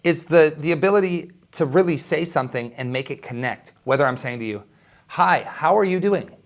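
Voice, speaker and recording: A young man teaching a guitar lesson, talking in an enthusiastic, conversational way with quick asides. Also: on the high side, lively intonation. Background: electric guitar playing.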